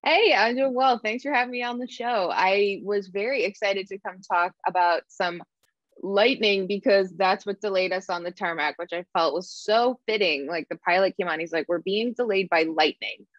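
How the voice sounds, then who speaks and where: A woman's voice: medium pitch, moderate pace, no room sound, lo-fi sound. A young adult woman from Canada, a podcast guest telling stories in a chatty way, acting out quoted lines. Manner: chatty storytelling with animated quoted asides. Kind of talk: casual podcast chat.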